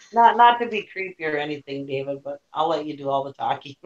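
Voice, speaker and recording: A woman's voice: low-pitched, animated, normal speed. Teasing, chatty woman on lo-fi call audio. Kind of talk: casual group chat. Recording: dull lo-fi call audio with faint noise.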